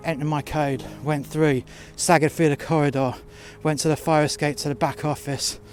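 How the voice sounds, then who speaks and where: Guy ranting through his own story outside in the cold, kinda high voice, lots of uh's and swearing. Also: level tone, a little mellow. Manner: halting, with frequent "uh" fillers and heated profane outbursts. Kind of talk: first-person storytelling monologue. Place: outdoors in freezing cold.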